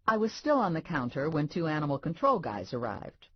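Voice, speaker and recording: A woman narrating a first-person audiobook in a wry, deadpan way. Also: low-pitched, brisk, highs cut off, a little hiss or hum.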